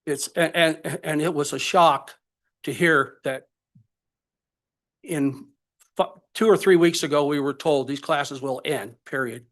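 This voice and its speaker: An older man giving public comment at a college budget meeting, emotional and halting as he speaks. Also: a little high, fairly bright tone.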